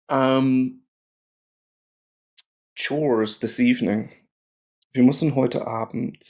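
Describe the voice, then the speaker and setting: An Irish man muses aloud through his German practice, wandering off on tangents and poking fun at himself. He talks slowly, with a gravelly, creaky edge to his voice. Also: medium pitch, steady tone, a little mellow. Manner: rambling, self-mocking, talking to himself. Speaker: German-learning video creator. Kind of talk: thinking aloud while doing app lessons.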